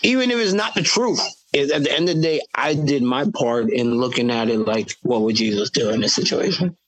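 Animated storytelling man. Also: medium pitch, fairly quick, poor audio. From Florida. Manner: animated storytelling, acting out quoted voices. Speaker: guest, Christian hip hop artist. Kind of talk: casual podcast conversation.

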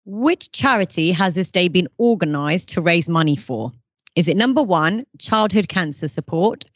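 A woman's voice: fairly low pitch, no echo, highs cut off. A woman hosting a podcast quiz, reading out questions and playfully keeping her guests in line. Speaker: podcast host and quizmaster.

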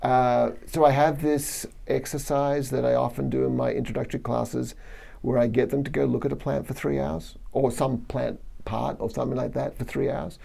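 A middle-aged Australian man with a strongly gravelly, dark and mellow voice talks in a loose, chatty way. As a professor in an interview he laughs often and breaks off to restart his sentences. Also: mid-range voice, fairly even intonation, moderate pace. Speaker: plant biology professor. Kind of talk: relaxed interview conversation.

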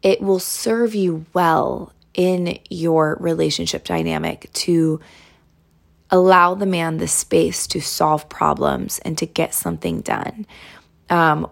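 Low, gravelly woman giving gentle advice. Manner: gentle, conversational, with many fillers and restarts. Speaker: relationship advice podcast host. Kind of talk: casual advice monologue.

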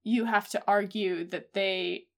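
A woman's voice: mid-range voice, fairly even intonation, measured pace, creaky. Chatty woman co-hosting a talk. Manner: chatty, many fillers like "like" and "um". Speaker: podcast co-host. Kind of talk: casual discussion.

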